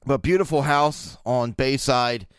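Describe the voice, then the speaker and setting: A man's voice: mid-range voice, unhurried, clear, resonant tone, dry recording, clean studio sound. A man in his thirties from Baltimore hosting a solo podcast, rambling and joking crudely with lots of fillers. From Baltimore, USA. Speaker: podcast host. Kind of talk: casual solo podcast chat.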